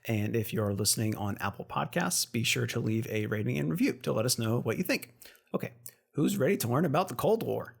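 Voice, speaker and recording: A man's voice: medium pitch, lively intonation, a little fast, creaky, slightly rough. A man hosting a podcast, talking in a casual, playful way and laughing at himself. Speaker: podcast host. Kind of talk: casual podcast intro and interview. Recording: music bed under the voice.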